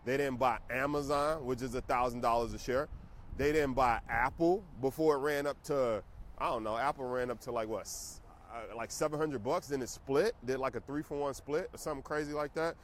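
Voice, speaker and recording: A man's voice: medium pitch, fairly quick, a little hiss or hum. A middle-aged man, a stock trading teacher, ranting casually and emphatically to his viewers. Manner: emphatic, preachy, conversational. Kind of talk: casual rant to camera.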